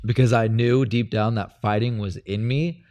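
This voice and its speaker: Chill guy, lowish voice, telling how he got into fighting, pretty relaxed. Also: normal speed, muffled recording. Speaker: guest fighter. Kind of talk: casual interview chat.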